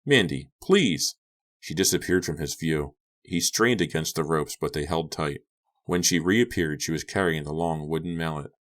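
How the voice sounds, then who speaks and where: A man narrating a horror audiobook in a subdued, even storytelling manner. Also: very deep voice, normal speed.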